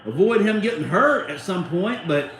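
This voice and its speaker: A man's voice: sits high, lively intonation, normal speed, a bit bright, reverberant, a little hiss or hum, rough recording. A man hosting a live fan watchalong, reacting in a heated, profane, sarcastic way. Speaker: host of a fan watchalong stream. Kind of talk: live casual fan commentary.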